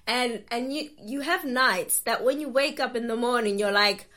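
A woman's voice: on the high side, moderate pace, bright, forceful tone. A woman hosting a podcast in casual, enthusiastic interview chat, often laughing. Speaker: podcast host.

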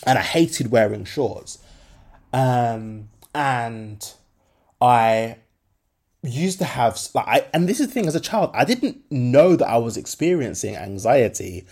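A man's voice: mid-range voice, expressive, a little slow, darkish tone, slightly rough. A young adult man, hosting a solo podcast and talking candidly in slangy speech with many fillers. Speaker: podcast host.

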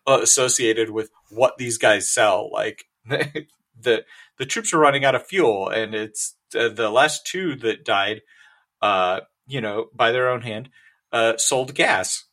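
A man co-hosting a casual podcast, walking through a news story with dry amusement and little laughs. His voice sits in an ordinary middle pitch. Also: fairly bright tone. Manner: wry, laughing while explaining. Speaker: podcast co-host. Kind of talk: casual banter.

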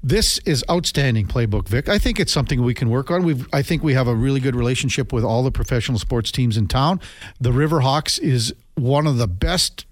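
A man's voice: medium pitch, fairly quick, dry recording. A middle-aged man hosts a sports talk radio show in a dry, close studio sound. He talks casually and drifts into long anecdotes. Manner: rambling storyteller, animated when telling anecdotes. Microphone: studio microphone.

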